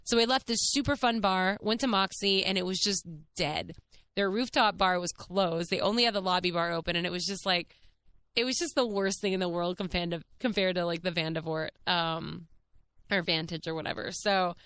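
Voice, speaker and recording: A woman in her thirties tells a story on her podcast in a chatty, lively way. Her voice is smooth and clear, and she laughs easily and swears casually as she talks. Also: on the low side, normal speed. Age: 30s. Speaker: podcast host.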